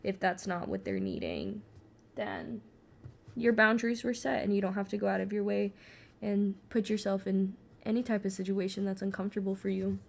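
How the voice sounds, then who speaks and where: A woman's voice: mid-range voice, normal speed, creaky. A young adult woman chatting casually while she paints, rambling with lots of fillers and swearing freely. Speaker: artist and vlogger.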